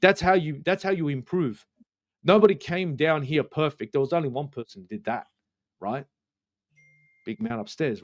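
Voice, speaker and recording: A man with an Australian accent, co-hosting a football fan stream and ranting bluntly with plenty of swearing. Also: a little high. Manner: blunt, profane, worked-up. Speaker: co-host. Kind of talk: heated fan rant.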